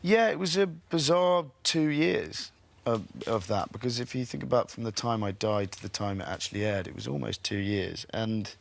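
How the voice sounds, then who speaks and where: A man from England, a guest actor chatting in a TV studio interview, relaxed and self-deprecating. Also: mid-range voice, normal speed, creaky, a little hiss or hum. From England (London and the Midlands). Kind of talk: casual TV interview chat.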